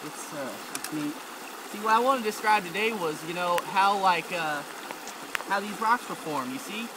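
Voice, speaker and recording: Young man, high voice, drawling mock guide, loud running water behind on a camera mic. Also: lively intonation, normal speed. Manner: drawling, rambling with "you know" and "uh". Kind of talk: goofy nature-show parody. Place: outdoors by a creek. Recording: outdoor camera audio with loud stream noise.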